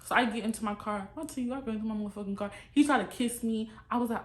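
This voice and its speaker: Woman spilling a storytime to her followers, lively and slangy, kinda echoey room. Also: fairly high pitch, fast talker. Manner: animated, slangy, addresses viewers as y'all. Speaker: storytime vlogger. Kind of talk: casual storytime to camera.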